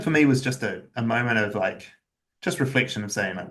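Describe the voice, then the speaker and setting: A man who founded an agency, telling his personal story as a podcast guest in a candid, even-keeled way, with many uses of "like". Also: mid-range voice, a little fast.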